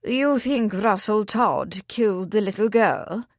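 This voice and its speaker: A woman voicing a soft-hearted male village vicar who talks in a hesitant, troubled, muttering way. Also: medium pitch, expressive, slow, no echo, studio quality.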